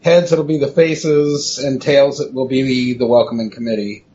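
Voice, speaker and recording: A man's voice: mid-range voice, flat delivery, moderate pace, mellow. A man speaking offhandedly and swearing casually as a podcast panelist. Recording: dull lo-fi audio with faint hiss.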